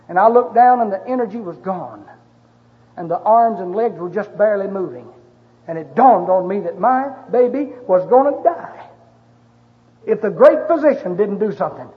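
Middle-aged male pastor, very high voice, impassioned sermon storyteller, dull lo-fi church recording. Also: animated, brisk. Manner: impassioned storytelling, rising to shouted pleas. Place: church sanctuary. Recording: dull recording with long hall reverb.

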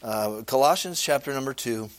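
A man pastor preaching an evening sermon in a conversational way, asking rhetorical questions and reading scripture aloud, clearing his throat now and then. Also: medium pitch, expressive, moderate pace. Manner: conversational preaching, frequent rhetorical "okay?" and "amen?"; reads scripture aloud in old-fashioned wording.

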